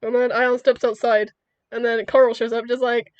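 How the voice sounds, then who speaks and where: A woman's voice: on the high side, little pitch movement, normal speed, no echo, rough recording. A young woman streamer casually retelling her own fan fiction, giggly and self-mocking.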